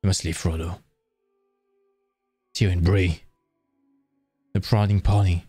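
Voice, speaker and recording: A man voicing a grave old male wizard, speaking slowly and low. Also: fairly even intonation, warm tone, breathy edge, no echo, clean studio sound, soft background music. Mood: urgent. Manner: slow, low, deliberate delivery.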